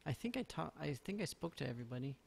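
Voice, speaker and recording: Male streamer, slightly high voice, rambling chatter, self-mocking jokes, casual live commentary. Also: big pitch swings, quick pace, gravelly, slight background noise. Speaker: game streamer.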